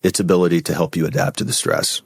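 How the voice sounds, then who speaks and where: A man speaking as a podcast guest in a very deep voice, casual and easygoing, often tagging his points with "right?". The sound is dry and close to the mic. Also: fairly even intonation, quick pace, slightly rough, no room sound. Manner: casual, frequent "right?" and "like" fillers. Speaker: podcast guest, company founder. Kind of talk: conversational interview.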